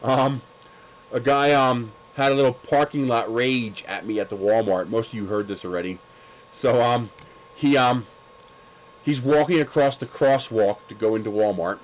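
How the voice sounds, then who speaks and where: A man's voice: fairly low pitch, low-quality recording. A man hosting a livestream, telling stories in a casual chat with lots of laughter and crude jokes. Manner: laughing, crude joking storyteller. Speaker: livestream host.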